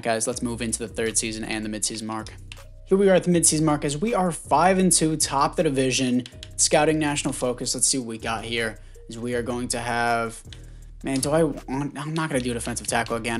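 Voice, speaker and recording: Man, casual video game commentary, chatty, self-correcting, mid-pitched voice, faint music behind. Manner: chatty, thinks aloud, stumbles over names. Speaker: gaming YouTuber.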